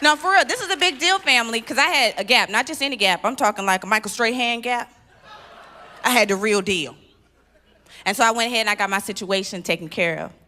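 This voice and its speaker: A woman performing a stand-up comedy set on a church stage, with punchy, animated delivery and sudden loud exclamations. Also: fairly high pitch, brisk, a faint crowd. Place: live stage at a church event.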